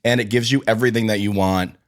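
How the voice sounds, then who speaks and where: A young man, co-hosting a casual podcast and telling stories in a playful, animated way. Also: fairly low pitch, quick pace, dry recording, clean studio sound. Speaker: co-host.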